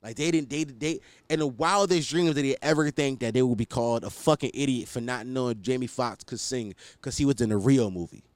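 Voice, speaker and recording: A man's voice: mid-range voice, a little fast, hardly any pauses, darkish tone, no room sound. A young man hosting a solo podcast, rambling casually with lots of swearing and self-deprecating asides. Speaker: podcast host.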